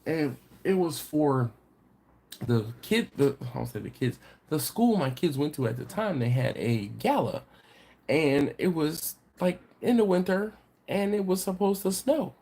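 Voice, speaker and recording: A man's voice: on the high side, animated, unhurried, gravelly, mellow, slightly rough. Congested man chatting on a live stream. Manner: rambling, full of fillers and restarts. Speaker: host of a barbecue channel. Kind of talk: casual live-stream chat.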